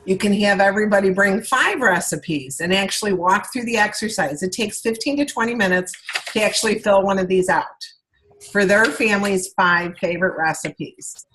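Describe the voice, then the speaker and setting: A woman's voice: mid-range voice, moderate pace, fairly bright tone, low-quality recording. A woman talking through a video call as a sales consultant training her directors. She is chatty, repeats herself and keeps checking in with "okay?" and "all right?".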